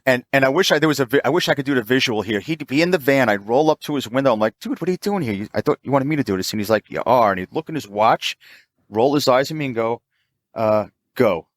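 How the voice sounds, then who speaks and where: A man in his fifties telling a long story in casual chat, jumping into a higher pitch to act out the people he quotes. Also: fast talker, no room sound. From New York. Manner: animated, acts out quoted voices in a higher pitch. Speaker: mobile auto technician, podcast guest.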